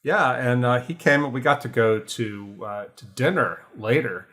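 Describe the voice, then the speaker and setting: A man's voice: mid-range voice, normal speed, fairly bright tone. A man telling stories in a casual podcast chat from a hotel room, often trailing off and restarting his sentences. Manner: chatty storyteller, trailing off and restarting. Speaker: guest writer.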